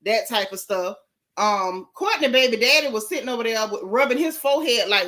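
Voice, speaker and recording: Speaking fairly quickly in a slightly high voice, this show recap host chats casually on her live stream. She's sassy and blunt as she gossips animatedly about a reality show and thanks viewers.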